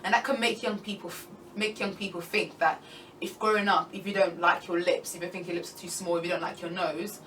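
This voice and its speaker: A woman's voice: fairly low pitch, steady tone, a little fast, few pauses, fairly bright tone. A young woman on a Christian talk panel, talking in a casual, chatty way with lots of "like" fillers. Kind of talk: casual chat. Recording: distant mic, faint room noise.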